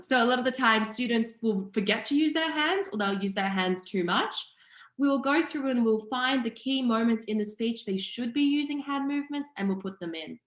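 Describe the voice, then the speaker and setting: A young woman teaching public speaking online, explaining each skill in a clear, steady way. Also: a little high. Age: young adult. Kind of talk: online seminar presentation. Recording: echoey room.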